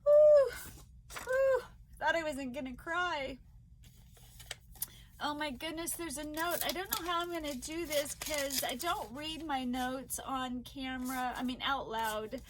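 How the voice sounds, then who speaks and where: A middle-aged woman chatting in a home vlog, emotional and quick to tear up and laugh, worn down by fatigue. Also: sits high, steady tone, a bit bright, a little hiss or hum, low-quality recording. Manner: emotional, laughs often and tears up. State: fatigued from an illness flare. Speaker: crochet vlogger. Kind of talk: casual vlog chat.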